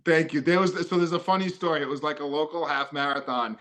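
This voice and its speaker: A man chatting on a podcast in an upbeat, excitable way, now and then breaking into loud cheering. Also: on the high side, quick pace. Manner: upbeat, excitable, bursts into loud cheering when quoting himself. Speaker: guest runner. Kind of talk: casual podcast chat.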